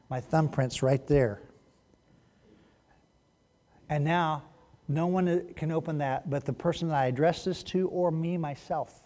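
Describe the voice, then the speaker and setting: A male pastor preaching a sermon to his congregation, animated and direct, swinging between loud emphasis and hushed lows. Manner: demonstrative, talks to the congregation directly. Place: church sanctuary. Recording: long reverb of a large church hall.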